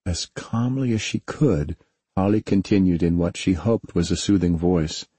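A man narrating a science fiction audiobook in a measured, steady way, recorded on a close studio mic. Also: low voice, breathy edge, no room sound. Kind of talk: scripted narration.

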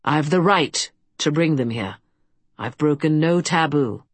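A woman voicing a calm male king who speaks in a firm, measured, commanding way. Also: sits low, husky, no room sound, full character voice.

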